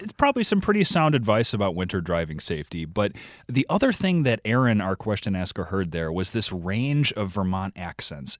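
A man from the Chicago area, a podcast co-host explaining his story to a radio host in a lively, conversational way. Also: fairly low pitch, dry recording, studio quality.

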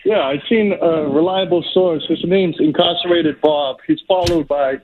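A man calling in to a sports radio show, insistent and combative, with a raspy voice. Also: a little high, moderate pace, crowd noise. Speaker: caller. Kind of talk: phone-in call. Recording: tinny phone line.

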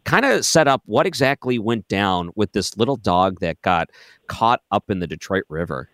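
A man's voice: animated, moderate pace, a bit bright, dry recording, clean studio sound. A man hosting an overnight radio talk show, chatty and joking as he brings on a guest. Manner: chatty, jokes about deep radio voices. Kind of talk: casual talk radio interview.

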